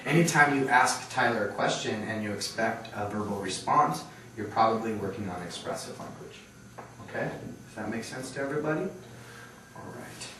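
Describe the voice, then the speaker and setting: A man's voice: fairly low pitch, animated, moderate pace, background noise. A man teaching a training workshop, quizzing the audience and checking that they follow along. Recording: very echoey room, far from mic.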